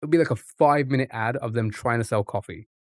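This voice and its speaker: A man streaming from home, talking through his thoughts in a rambling, repetitive way. He speaks at a mid pitch, and the sound is close and dry with no room echo. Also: fast, darkish tone. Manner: rambling, thinks aloud, repeats phrases. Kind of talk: casual live-stream chat.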